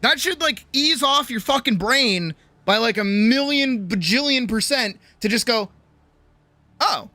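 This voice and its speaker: Animated, swearing woman streamer. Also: on the high side, unhurried, dry recording. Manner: profane, animated, rambling pep talk. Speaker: streamer and artist. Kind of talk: casual livestream chat.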